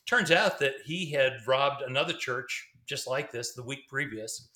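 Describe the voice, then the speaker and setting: A middle-aged man, once a pastor, tells a story in a bright, forceful mid-range voice at a slightly slow pace. His casual telling rambles with fillers and restarts, and he laughs between sentences; the recording has a roomy echo.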